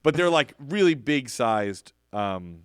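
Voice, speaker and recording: A man co-hosting a podcast in casual chat, an animated and chatty storyteller. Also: mid-range voice, slow pace, clear, resonant tone, no room sound, clean studio sound. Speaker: podcast co-host.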